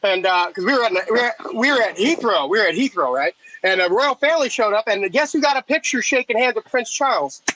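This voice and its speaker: A man's voice: high-pitched, animated, fast talker, sharp tone, rough recording. A man chatting casually as a podcast guest, telling eager, rambling anecdotes. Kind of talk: casual chat.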